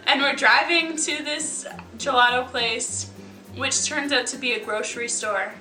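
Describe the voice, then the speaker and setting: Young female vlogger, bright and a bit high-pitched, wry storyteller, roomy echo, mic set back, faint music under. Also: a little slow. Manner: chatty, wry, sarcastic asides with lots of likes. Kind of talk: casual storytelling to camera. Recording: echoey room, mic at a distance.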